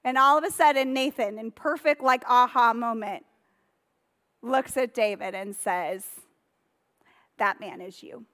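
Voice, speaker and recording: A woman's voice: a little high, measured pace. Woman pastor preaching in a reverberant church. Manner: conversational, storytelling, animated retellings. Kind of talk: sermon.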